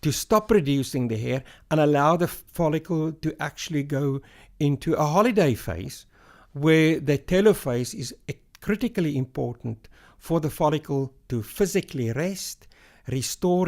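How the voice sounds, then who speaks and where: Gravelly-voiced man explaining hair loss. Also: on the high side, darkish tone. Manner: measured, explains step by step with analogies. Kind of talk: explanatory podcast interview.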